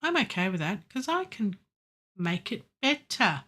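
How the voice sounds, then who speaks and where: A woman's voice: mid-range voice, sing-song, a little slow, sharp tone. A woman livestreaming from her home studio, chatting playfully to herself and to viewers as she works on a song. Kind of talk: casual live-stream self-talk while producing music.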